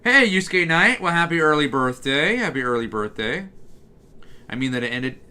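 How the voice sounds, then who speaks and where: Bright-voiced man chatting on a stream. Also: medium pitch, animated, moderate pace, clean tone. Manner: rambling, reading chat aloud, many fillers and restarts. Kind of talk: casual live-stream chat.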